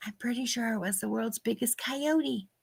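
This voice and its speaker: A middle-aged woman, telling animated stories in casual chat and acting out the people she quotes. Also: a little high, normal speed, vocal fry, breathy edge. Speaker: host.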